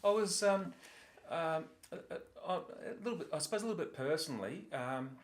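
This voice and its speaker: A man with an Australian accent, being interviewed about his life, talking earnestly with many pauses and restarts. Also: fairly high pitch, expressive. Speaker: former student and artist, interviewee. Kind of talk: casual conversational interview.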